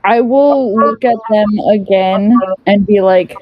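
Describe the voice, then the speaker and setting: A woman plays her character at a tabletop game, speaking slowly and gently with earnest care. Her pitch sits in a middle range. The sound is dry and close. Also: dry recording, muffled recording. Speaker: player.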